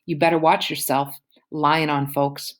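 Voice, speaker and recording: A woman puts on a smug male gang leader from a storybook, brushing off accusations with quiet threats. He sounds low and cold. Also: little pitch movement, a little slow. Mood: menacing. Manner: dismissive, threatening.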